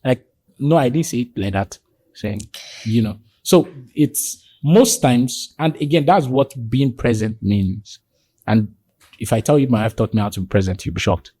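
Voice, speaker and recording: Here a man guesting on a podcast tells lively stories conversationally, impersonating the people involved. His voice is animated, warm and slightly rough at a normal pace, recorded with no echo, and quoted lines spring suddenly up in pitch.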